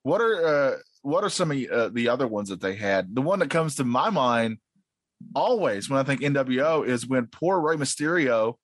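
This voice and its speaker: A relaxed man in casual podcast chat who stretches out his words and agrees easily. His pitch is ordinary. The sound is dry and close to the mic. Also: no echo. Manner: relaxed, drawn-out, frequent agreeing "yeah".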